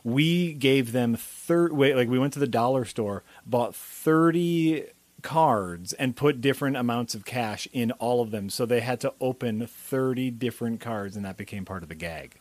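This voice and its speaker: A man co-hosting a casual podcast chat, upbeat and quick to laugh, telling stories. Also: mid-range voice, darkish tone, no room sound. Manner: upbeat, laughs easily, chatty storyteller. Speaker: podcast co-host.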